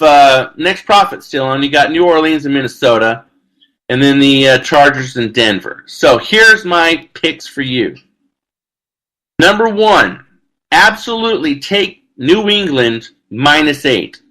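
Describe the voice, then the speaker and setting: A man's voice: a little high, pushed and bright, rough recording. A man hosting a live sports betting show, talking brashly and loosely while reading out viewer comments. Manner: brash, loose and chatty, with frequent "freaking" and crude jokes. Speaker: sports talk show host.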